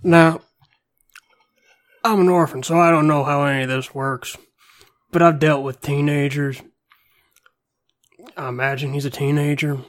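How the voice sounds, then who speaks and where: A man's voice: a little high, steady tone, a little slow, pauses often, lightly acted. A man playing a blunt, laid-back orphan warrior who fights with a trident, in a bad Texas drawl. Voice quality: bad Texas drawl, Stone Cold impression.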